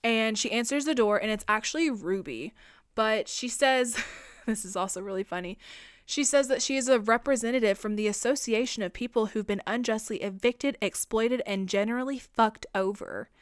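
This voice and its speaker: A young woman hosting a podcast, casually retelling a film's plot in a chatty, profane way and slipping in quick voices for the characters. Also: on the high side, clean tone, dry recording, studio quality. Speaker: podcast host. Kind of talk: casual film recap.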